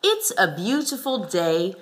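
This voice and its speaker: Woman, children's story narrator, expressive, animated pitch, unhurried. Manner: slow, simple, expressive read-aloud for young learners.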